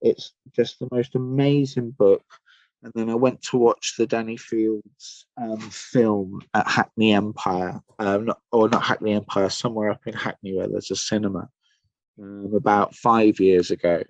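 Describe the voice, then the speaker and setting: A man's voice: lowish voice, level tone, unhurried, no room sound, highs cut off. An English man from Somerset, a musician guest telling rambling, enthusiastic stories in a casual podcast chat. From Somerset, England. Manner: rambling, enthusiastic storytelling with many fillers.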